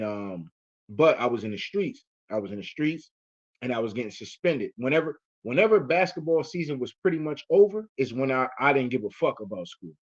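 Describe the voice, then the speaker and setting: A man's voice: medium pitch, slightly rough. A man hosting casual commentary, telling a story in a profane, rambling way full of fillers. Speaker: host. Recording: muffled lo-fi audio.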